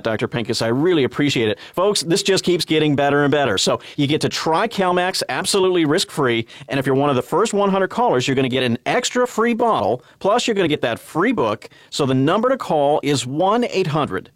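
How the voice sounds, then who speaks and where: A man hosting a radio infomercial as an upbeat salesman who reads out the phone number slowly and repeatedly. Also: a little high, no room sound, clean studio sound. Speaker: radio host.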